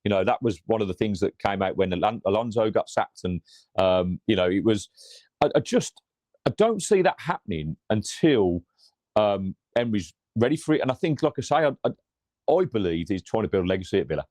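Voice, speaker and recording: A man's voice: on the low side, lively intonation, darkish tone, dry recording. A man, talking earnestly in a casual football chat and often repeating his opening words. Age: 40s. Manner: measured, earnest, repeats words while starting sentences. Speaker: football fan podcast co-host.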